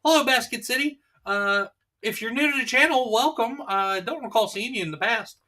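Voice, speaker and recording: A man's voice: extremely high pitch, animated, fairly quick, bright, forceful tone. A man hosting a casual livestream, easygoing and laughing often as he reads chat messages aloud. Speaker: streamer host reading chat.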